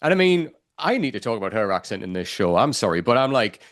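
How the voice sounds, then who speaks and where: A man hosting a podcast in casual chat, chatty and animated, with "like" in many sentences. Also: lowish voice, quick pace. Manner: chatty, animated, says "like" often. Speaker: podcast host.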